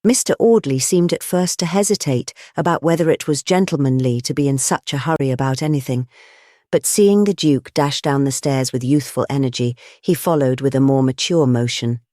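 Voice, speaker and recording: An audiobook narrator reading a classic detective story in a measured, even way. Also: medium pitch, dry recording, clean studio sound. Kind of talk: scripted narration of a classic novel.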